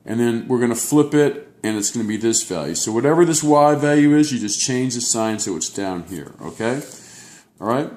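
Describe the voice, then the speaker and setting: A man lecturing on graphs in a roomy, echoing space. He walks through each step and keeps checking in with a quick "okay?". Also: medium pitch, expressive, darkish tone. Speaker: math teacher. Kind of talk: classroom lecture at a whiteboard.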